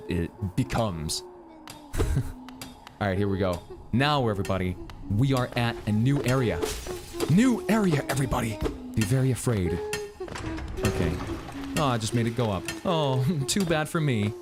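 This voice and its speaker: A man in his twenties casually ranting and swearing while he plays a game. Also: medium pitch. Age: 20s. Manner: ranting, profane, rambling. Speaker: gaming streamer. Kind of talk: casual playthrough chat.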